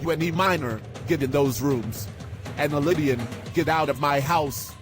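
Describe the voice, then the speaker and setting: A bossy, hot-tempered young guy, as a man plays him, with a higher-than-usual voice that turns easily to insults. Music plays clearly behind him. He sounds like an everyday hobby-drama character. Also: a little slow, lightly acted. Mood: furious. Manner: shouting insults, then earnest apologies.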